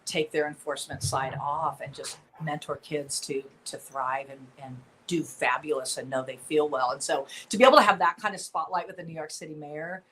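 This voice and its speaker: A woman's voice: low voice, steady tone, moderate pace, few pauses, fairly bright tone, slight background noise, rough recording. Earnest middle-aged woman telling her story. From Southern California. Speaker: nonprofit founder and guest. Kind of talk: interview conversation.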